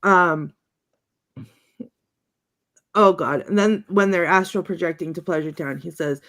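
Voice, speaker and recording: A woman's voice: lowish voice, measured pace, pauses often, fairly bright tone. A woman co-hosting a casual chat, laughing often as she recites comedy film quotes. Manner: giggly, quotes lines in funny voices. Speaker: podcast co-host.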